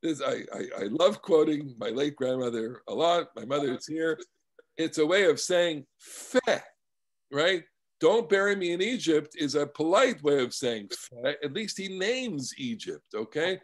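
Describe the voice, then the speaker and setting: A man's voice: a little high, expressive, moderate pace. A male rabbi teaching a scripture class over a video call, explaining animatedly and often repeating words. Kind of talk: Torah lesson with discussion.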